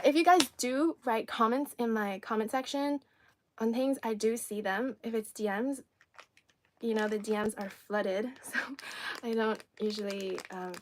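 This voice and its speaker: A woman's voice: fairly high pitch, a little hiss or hum. A woman from China whose first language is Cantonese, hosting a casual livestream and chatting through a snack taste test while answering viewers' comments. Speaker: livestream host.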